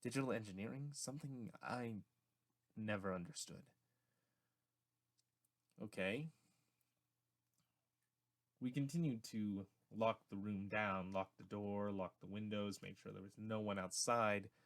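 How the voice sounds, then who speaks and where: A man's voice: lowish voice, unhurried, long pauses, no echo. A young man narrating a first-person audiobook story in a casual, hesitant way, with stammers and restarts.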